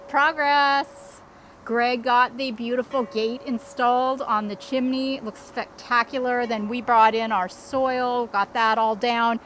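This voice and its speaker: A middle-aged woman with a somewhat high voice talks through a garden project in a casual, upbeat way. She is recorded outdoors in a backyard, with a faint hum of traffic behind her. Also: flat delivery, measured pace, few pauses, fairly bright tone. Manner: chatty and upbeat, with small restarts. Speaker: landscape designer and channel host. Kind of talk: casual vlog walkthrough.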